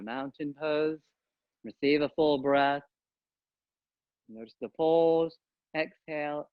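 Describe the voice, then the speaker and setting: Calm male yoga teacher, dull dry sound. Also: fairly high pitch, no room sound. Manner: calm, unhurried cueing with pauses. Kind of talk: guided yoga instruction.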